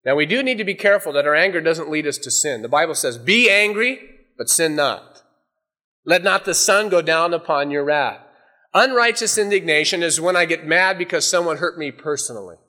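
A man preaching a sermon, animated, often dropping to a hushed, intense voice for emphasis. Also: fairly high pitch. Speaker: pastor.

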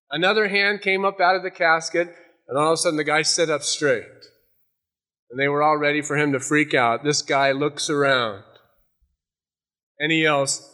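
A man preaching a sermon in a bright, forceful voice pitched a little high. He moves from a light story into earnest exhortation. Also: steady tone, normal speed, long pauses. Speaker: pastor.

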